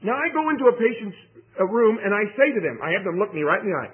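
Male preacher, high, lively pitch, emphatic sermon; tinny phone-like audio. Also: quick pace. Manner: emphatic, rising to impassioned questions.

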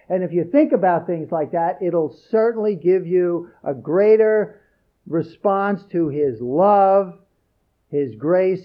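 Earnest high-voiced preacher, lo-fi sound. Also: male voice. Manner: earnest, emphatic, repeats key phrases. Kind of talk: sermon.

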